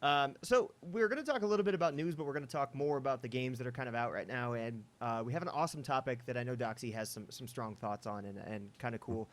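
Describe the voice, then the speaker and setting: A man's voice: mid-range voice, quick pace, hardly any pauses. A man hosting a casual podcast chat, rambling with many fillers and asides. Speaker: podcast host.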